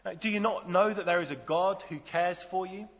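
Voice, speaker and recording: A preacher putting on a gushing, high-pitched passerby. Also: male voice. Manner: gushing, rapid-fire questions. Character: eager overfriendly male passerby, nitpicking. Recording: dull lo-fi sound in a reverberant hall.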